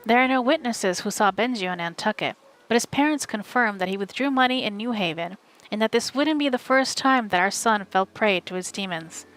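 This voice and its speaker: A woman's voice: medium pitch, lively intonation, fairly quick, a bit bright. Woman narrating an audiobook live. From USA. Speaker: streamer reading an audiobook live.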